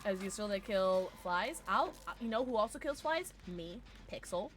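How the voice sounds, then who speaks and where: A woman streaming a game and chatting casually with her viewers, playful and excitable. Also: medium pitch, normal speed. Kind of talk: casual gameplay streaming, reading chat.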